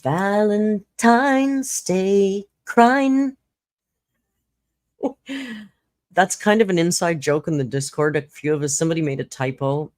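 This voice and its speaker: A woman's voice: low voice, fast, hardly any pauses, no echo. A woman hosting a casual livestream, chatting, laughing often and reading out viewer comments. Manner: chatty, laughs often, reads chat aloud. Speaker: livestream host.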